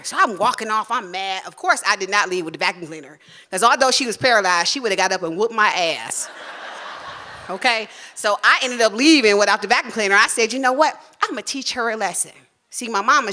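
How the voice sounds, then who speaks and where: A woman telling a personal story on stage, frank and salty, acting out family members' voices in animated bursts. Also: medium pitch, fairly quick. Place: stage at a live storytelling show.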